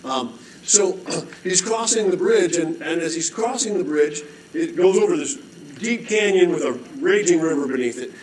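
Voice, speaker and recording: A middle-aged man telling a story as a guest, animated, with frequent restarts and throat-clearing. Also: on the high side, moderate pace, a crowd in the background. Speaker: rescue mission director, guest. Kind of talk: storytelling, conversational preaching. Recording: echoey room.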